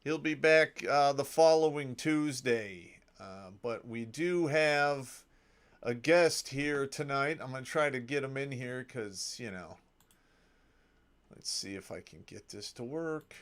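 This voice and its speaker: A man hosting a casual podcast livestream, opening with a loud hearty greeting and then talking in a relaxed drawl. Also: mid-range voice, takes it slowly. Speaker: podcast host.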